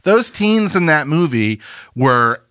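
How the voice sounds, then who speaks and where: A man's voice: a little high, sing-song, takes it slowly, fairly bright tone, clear, resonant tone, no echo. A man co-hosting a podcast in casual chat, dry and sarcastic with mock-serious asides. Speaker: podcast co-host.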